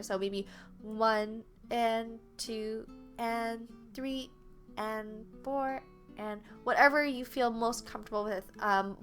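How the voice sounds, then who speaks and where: A woman's voice: on the high side, bright, forceful tone. A young woman teaching a flute lesson online, explaining patiently step by step and counting beats aloud.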